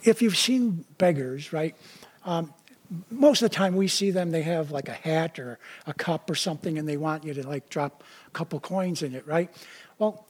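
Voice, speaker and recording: A man's voice: on the high side, moderate pace, husky. A man preaching a sermon in a conversational way, often stopping to explain the verses he reads. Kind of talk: casual sermon.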